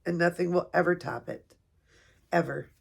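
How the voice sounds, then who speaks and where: A woman at home filming an unboxing video for her vlog, talking softly and gushing with emotion. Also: lowish voice, normal speed, vocal fry, husky. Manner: gushing, soft-spoken, emotional. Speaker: vlogger. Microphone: camera set up nearby.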